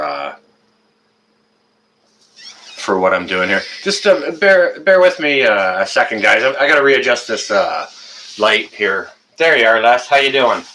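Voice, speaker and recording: Male stream host, lowish pitch, bright tone, loose rambling chat with viewers. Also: a little hiss or hum, rough recording. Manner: rambling, greets chat viewers by name, frequent uh fillers. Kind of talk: casual live stream chat.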